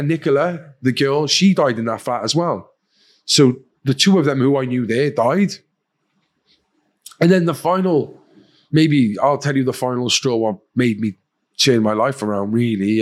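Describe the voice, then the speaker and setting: A man speaking as a podcast guest, telling his own story bluntly with heavy swearing and acting out other people's lines. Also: mid-range voice. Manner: blunt and heavily profane, acts out quoted voices. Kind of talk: candid personal storytelling.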